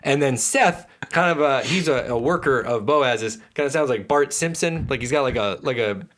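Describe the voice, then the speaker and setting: A man talking through a film review on a comedy podcast, lively and quick to laugh. His voice sits at an ordinary middle pitch, and he rambles from one aside to the next in easy, casual conversation. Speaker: podcast co-host.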